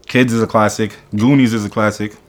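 Laid-back, low-voiced guy. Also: flat delivery, fairly quick, a little hiss or hum. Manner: loose, profane, reads viewer comments aloud. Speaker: podcast co-host. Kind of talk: casual livestream chat.

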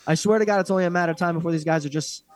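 A man's voice: a little high, rapid-fire. A man co-hosting a casual fight recap chat, ranting bluntly and swearing a lot. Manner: blunt, profane, animated ranting. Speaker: podcast co-host.

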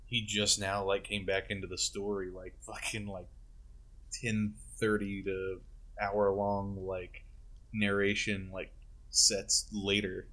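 A man's voice: lowish voice, flat delivery, slow, pushed and bright. A man co-hosting a podcast in casual chat, rambling through a story with lots of fillers. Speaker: podcast co-host.

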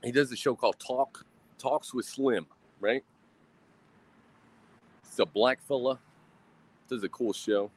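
A man's voice: medium pitch, takes it slowly, pauses often, rough recording. A man hosting a casual livestream outdoors at a grill, talking in a profane, rambling, self-mocking way into a phone. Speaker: livestream host.

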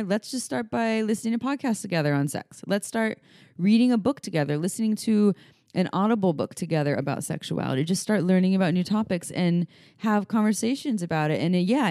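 A woman's voice: medium pitch, warm tone, no echo, studio quality. A woman co-hosting a podcast, giving frank, conversational advice in a coaching tone. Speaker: podcast co-host. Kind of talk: casual chat giving sex advice.

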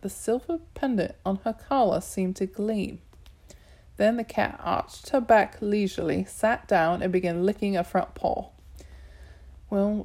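A woman narrates a first-person novel aloud in a wry, lively way. Her voice sits in an ordinary middle range for a woman. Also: mid-range voice. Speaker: audiobook narrator.

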